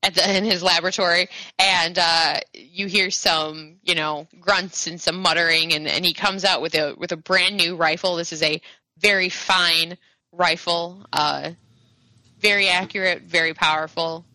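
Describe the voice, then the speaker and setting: A woman runs a tabletop game as its game master, her voice bright and forward. She narrates haltingly, filling gaps with "uh" and pauses. The sound is dry and close, with no room around it. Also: lowish voice, steady tone, no room sound, poor audio. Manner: halting, many filler pauses.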